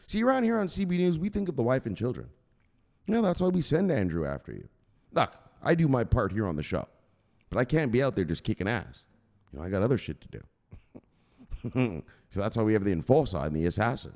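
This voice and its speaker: A man's voice: mid-range voice, big pitch swings, fairly quick, a little mellow, big-room sound. A man hosting a crypto news channel, rambling and joking with plenty of swearing. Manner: profane, rambling, jokey. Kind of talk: casual joking monologue.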